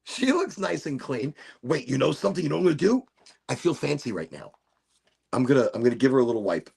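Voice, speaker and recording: A man hosting a relaxed livestream session, talking in a loose, wandering way full of asides and giggles. His voice is gravelly and somewhat husky, and his pitch swings widely from low mutters up to bright, lifted exclamations. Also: very fast. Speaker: livestream show host. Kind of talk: casual rambling livestream chat.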